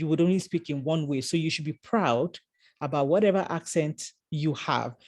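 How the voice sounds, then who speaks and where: A woman's voice: low voice, dark tone. A woman from Nigeria with a Nigerian accent, speaking earnestly on a panel call and advising parents, with frequent restarts. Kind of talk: community panel discussion.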